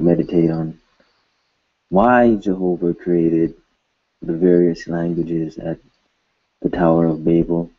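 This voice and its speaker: A man's voice: deep voice, husky, highs cut off. A man teaching a recorded language lesson, patiently repeating words and adding joking asides.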